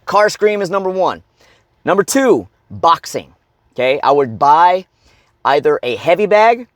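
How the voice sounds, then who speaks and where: A man coaching viewers in a blunt, profane monologue, often checking in with "okay?" and breaking into loud shouts and grunts to demonstrate. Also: a little high, no room sound, studio quality. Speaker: fitness and life coach.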